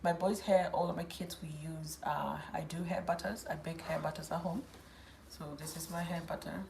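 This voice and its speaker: Low, gravelly woman chatting. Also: level tone, normal speed, warm tone, slight background noise. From South Sudan. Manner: reads viewer questions aloud and answers them chattily, with firm asides. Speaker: host answering viewers' hair questions. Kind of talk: casual live Q&A.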